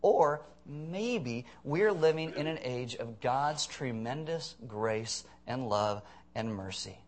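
A man's voice: medium pitch, lively intonation, slow pace. A man preaching a conversational sermon, earnest with blunt, sarcastic asides.

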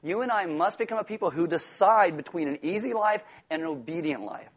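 A man preaching a sermon in an animated, joking way, acting out quoted voices. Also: fairly high pitch, fairly quick, husky. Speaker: pastor.

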